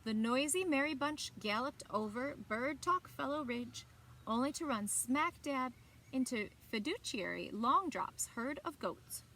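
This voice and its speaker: A librarian reading a picture book aloud to children, expressive and animated. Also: female voice, sits high, measured pace, a little hiss or hum. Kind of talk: children's story time read-aloud.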